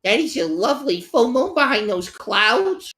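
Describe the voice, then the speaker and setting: A woman's voice: a little high, very animated, moderate pace, fairly bright tone. A woman co-hosting a movie-riffing stream, sarcastically mock-quoting the characters. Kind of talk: casual movie-riffing chat.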